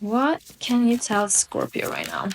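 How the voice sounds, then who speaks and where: A young woman reading tarot cards at home, talking slowly and musingly with many pauses. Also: mid-range voice, wildly swooping pitch, vocal fry, slight background noise. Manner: slow, musing delivery with frequent pauses. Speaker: tarot reader. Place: room at home by a window.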